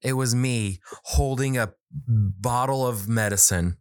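Speaking a little slowly in a mid-range voice, this thirtysomething man, who writes children's books, tells a story casually and performs the dialogue with animation. The studio sound is clean and free of echo.

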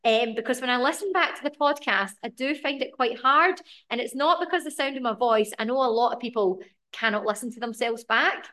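A woman's voice: on the high side, brisk, few pauses, sharp tone. A Scottish woman co-hosting a podcast, chatting casually and rambling round in circles as she talks. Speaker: podcast co-host.

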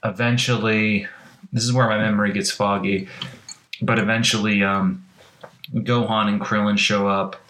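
A man with a fairly low voice tells a long story in casual chat, rambling and circling back with plenty of filler words. He adds wry, playful asides as he goes. The room around him sounds echoey. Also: flat delivery, normal speed, a bit bright.

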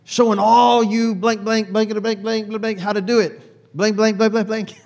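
A man's voice: sits high, level tone, moderate pace, a little mellow, big-room sound, voice pushed up. A man voicing his proud old grandfather, hollering and boasting about his grandson.

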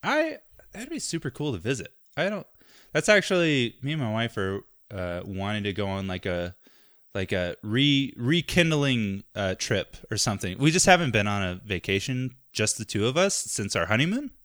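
A man in his thirties talking casually on a podcast, animated and laughing often, trailing off into mumbles at times. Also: fairly low pitch, normal speed, no echo, studio quality. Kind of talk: casual chat.

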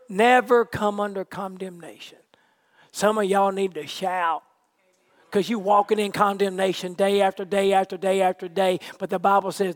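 A man preaching a sermon, swinging from hushed, nearly whispered passages to shouted peaks, with folksy turns of phrase. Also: sits high.

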